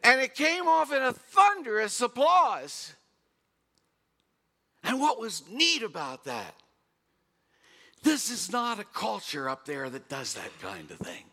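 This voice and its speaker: An older man preaching a sermon, telling a story and singing bits of a gospel song, rising to loud bursts. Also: high voice, creaky. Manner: storytelling, sings snatches of hymns, builds to loud bursts. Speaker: pastor.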